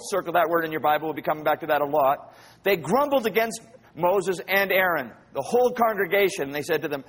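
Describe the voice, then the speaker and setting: Man, pastor, sermon, high husky voice, animated, acts out voices. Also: brisk.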